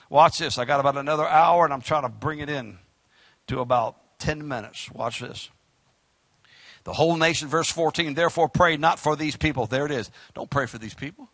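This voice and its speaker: A man preaching a sermon as pastor, fiery, with sudden shouts and hushed drops. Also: medium pitch, a little fast, no echo.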